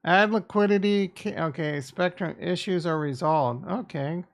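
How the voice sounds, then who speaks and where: Speaking a little slowly in a high-pitched voice, a crypto streamer delivers casual live-stream commentary. He mutters blunt, profane, sarcastic remarks to himself into a desk microphone.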